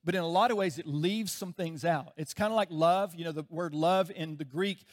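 A man preaching a sermon in a relaxed, conversational way, chuckling often and acting out everyday anecdotes. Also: fairly high pitch, normal speed. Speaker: pastor.

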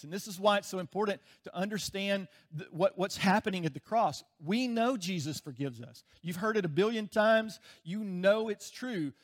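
A man preaching a sermon in a relaxed, conversational way, chuckling often and acting out everyday anecdotes. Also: high voice. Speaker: pastor.

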